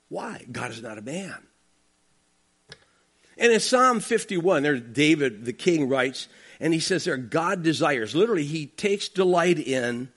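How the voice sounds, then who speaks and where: Guy preaching a bible sermon, pretty high voice, super lively ups and downs, keeps saying okay?. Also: measured pace, breathy edge. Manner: emphatic and conversational, with asides like "okay?". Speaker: pastor. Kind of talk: expository sermon.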